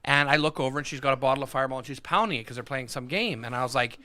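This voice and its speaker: A man's voice: mid-range voice, rapid-fire, dry recording. A man in his thirties, a podcast guest telling swearing-laced anecdotes in casual chat. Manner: profane, animated anecdote-telling. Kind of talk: casual storytelling.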